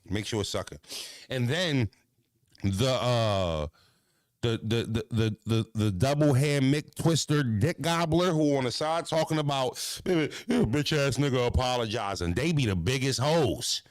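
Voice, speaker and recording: A man's voice: mid-range voice, unhurried, no room sound. Male podcast host, blunt and profane rant, mid-range voice, close and dry. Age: adult. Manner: blunt, profane, animated, stuttering restarts.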